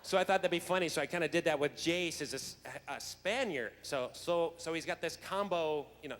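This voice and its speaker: A man's voice: on the high side, a little fast, few pauses, a bit bright. A man, a guest actor at a fan convention, telling a comic backstage story in a chatty, laughing way with many restarts. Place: large convention hall. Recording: echoey hall, faint noise.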